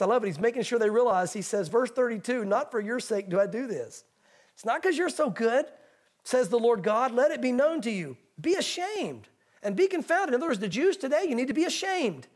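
A pastor with a very high voice, delivering a sermon to his congregation. He reads the scripture passages slowly and with strong emphasis. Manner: preaching, reading scripture aloud slowly and emphatically.

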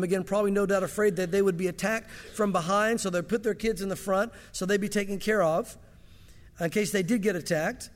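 High-voiced preaching man. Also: steady tone, a little fast, in a large hall. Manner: conversational preaching with asides. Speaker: pastor. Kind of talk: sermon.

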